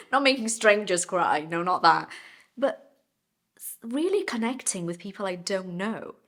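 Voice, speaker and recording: Low-voiced woman telling a story. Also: a bit bright. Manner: chatty, explains idioms mid-story; laughs while telling. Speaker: English teacher. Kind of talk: storytelling English lesson.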